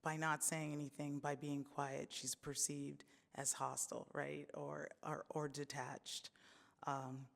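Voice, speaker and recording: A man delivers a lecture in a level, unvarying tone, his voice gravelly with fry. He speaks hesitantly and often restarts his sentences. His words carry a long reverb from the hall. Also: a little high, little pitch movement, slow pace, a bit bright. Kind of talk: academic lecture.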